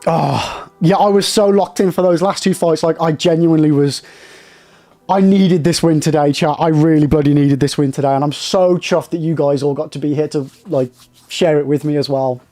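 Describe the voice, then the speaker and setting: A man's voice: fairly high pitch, moderate pace, mellow. A young man streaming a game live, elated and shaky with nerves after a win, talking to his chat in bursts.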